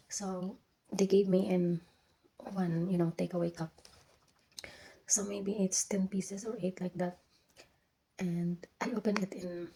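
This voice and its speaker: Young woman, Filipino accent, casual vlog storytelling, mellow lowish voice, faint hiss behind. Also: low-quality recording. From Philippines. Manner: halting, many restarts and fillers, drifts into whispers. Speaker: vlogger.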